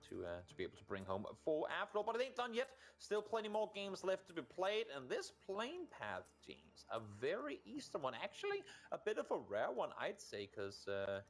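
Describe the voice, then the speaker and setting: A man doing live esports play-by-play, lively and teasing toward his co-caster. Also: mid-range voice.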